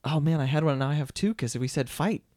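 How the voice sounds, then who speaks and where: A man's voice: on the high side, fast talker, darkish tone, dry recording, clean studio sound. A man co-hosting a podcast, recommending books in a casual, enthusiastic and rambling way. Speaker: podcast co-host. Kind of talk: casual chat, book recommendation.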